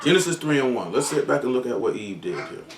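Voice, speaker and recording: Echoey, distant preacher, raised voice. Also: male voice, mid-range voice, big pitch swings, fast, background noise. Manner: reads scripture aloud, then explains it in loose colloquial speech. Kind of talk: sermon.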